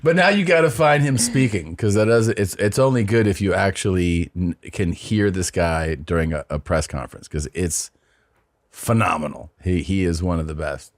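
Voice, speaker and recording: A very deep-voiced man co-hosting a comedy podcast, telling long rambling stories in an unhurried, loose way. He swears casually. The close studio mic sounds dry with no room around it. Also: dry recording. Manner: laid-back, rambling storyteller, swears freely. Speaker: podcast co-host.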